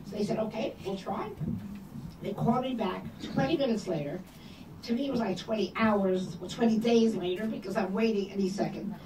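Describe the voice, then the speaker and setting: An older woman telling personal stories to an audience, acting out the dialogue with lively emphasis. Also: medium pitch, brisk. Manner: animated storyteller acting out quoted dialogue. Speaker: guest speaker. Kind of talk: storytelling talk. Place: hall or room at a community event. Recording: echoey room from a distance, background noise.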